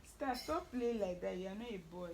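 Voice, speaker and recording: A woman's voice: medium pitch, animated, moderate pace, gravelly, noisy background. A young Nigerian woman at home, teasing and doting on her small children in casual family chat, in a Nigerian English accent. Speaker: mother and family vlogger.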